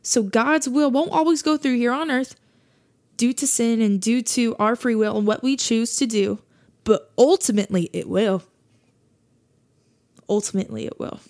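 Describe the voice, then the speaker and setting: A woman's voice: a little high, normal speed, darkish tone. Earnest woman preaching on a podcast. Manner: earnest, preachy, repeats points for emphasis. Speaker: podcast host. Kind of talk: faith podcast monologue.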